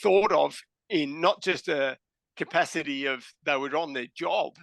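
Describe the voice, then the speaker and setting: A man's voice: fairly high pitch, a little slow, vocal fry, fairly bright tone, no echo. A man with an Australian accent, a podcast guest telling stories casually and bluntly, swearing freely. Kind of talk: casual storytelling.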